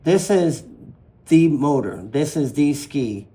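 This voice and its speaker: At a slow pace and fairly high pitch, a Southern-accented man in his fifties shares lively stories during a casual interview in his living room, doing the voices of the people he quotes. Now a retired jet ski racer, he's from southern Louisiana and grew up in Nevada. The recording has the roomy feel and faint ambience of a home room.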